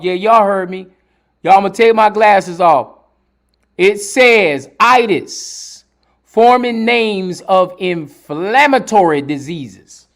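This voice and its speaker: Male livestream host, high-pitched, preachy and repetitive, talks straight to the audience. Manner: preachy, repetitive, pleading with viewers. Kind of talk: live-streamed commentary monologue.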